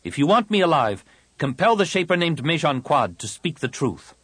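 Guy doing earnest young jedi hero, raised voice, slightly husky, audiobook. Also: a little high, big pitch swings, moderate pace, fairly bright tone, no room sound, pitched above the performer's own voice, exaggerated voice. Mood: determined.

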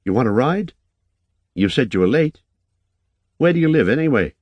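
A man's voice: very animated, normal speed, darkish tone, breathy edge, dry recording, highs cut off. A man reading an audiobook, voicing a wary but kind young woman by lifting his voice. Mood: brisk. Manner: lifts his voice higher for her.

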